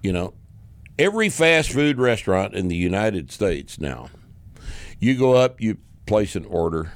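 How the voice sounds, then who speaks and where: This man hosts a laid-back podcast in a fairly low, unhurried voice, cursing liberally and laughing through his stories and replies to listener questions. He tells them with real animation. There's no echo.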